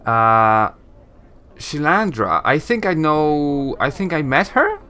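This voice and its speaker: Young guy doing a chill game playthrough, lively up and down voice. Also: fairly high pitch, slow pace, slight background noise. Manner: playful, reads game dialogue aloud. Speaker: let's play host. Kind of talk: casual game commentary and dialogue reading.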